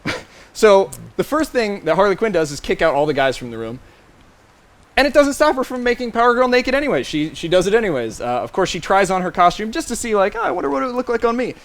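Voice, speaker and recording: A man's voice: high voice, very animated, fairly quick. A young adult man recapping a comic on a panel show, enthusiastic and joking.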